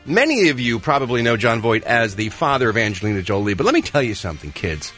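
A man's voice: medium pitch, very animated, fast talker, fairly bright tone. A man doing the entertainment news on a morning show, sarcastic and mock-exasperated, with faint music behind him. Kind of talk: comic showbiz news segment.

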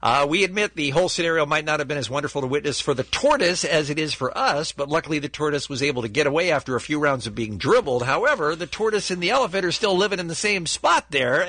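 A man's voice: a little high, sharp tone, no room sound. A man hosting a morning radio show, bantering playfully and laughing often.

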